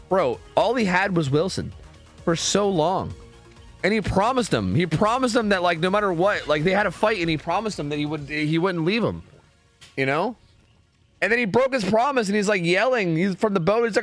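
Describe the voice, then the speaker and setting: A man's voice: fairly high pitch, expressive, normal speed, faint music behind. A man chatting casually with his stream viewers, rambling and swearing a lot, full of fillers. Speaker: streamer and game caster.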